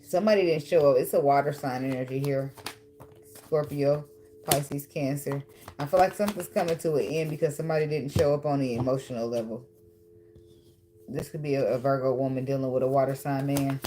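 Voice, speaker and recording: Low-voiced, blunt and profane woman tarot reader. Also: warm tone, slight background noise. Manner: blunt, profane and teasing, with frequent laughs. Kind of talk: casual tarot reading.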